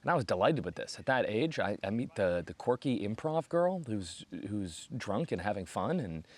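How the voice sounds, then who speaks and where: Animated storytelling man, lowish voice. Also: normal speed. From United States. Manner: animated, acts out quoted voices with big pitch jumps. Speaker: comedian host. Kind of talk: storytelling stand-up monologue.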